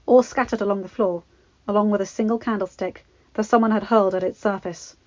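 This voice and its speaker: A woman reading fan fiction aloud in a steady, expressive storybook narration. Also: medium pitch, a little fast, no echo, muffled recording.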